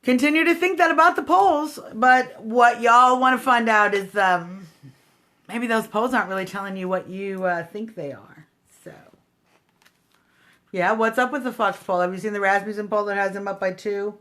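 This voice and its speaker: A woman's voice: medium pitch, moderate pace, fairly bright tone. A woman hosting a casual political livestream, talking straight to her viewers in a snarky, combative way. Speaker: livestream host.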